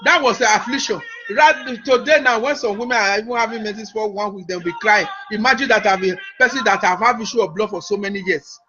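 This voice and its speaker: A man preaches in a strikingly high voice. He is emphatic and repetitive, often restarting his phrases. The recording sounds dull and lo-fi, with music playing behind him. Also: brisk, few pauses, bright, forceful tone. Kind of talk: sermon.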